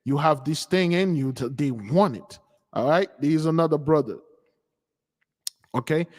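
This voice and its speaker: A man's voice: a little high, unhurried. Emphatic preaching man, reverberant room. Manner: animated, emphatic, mocking. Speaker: channel host giving a spiritual talk. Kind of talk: casual preaching to followers.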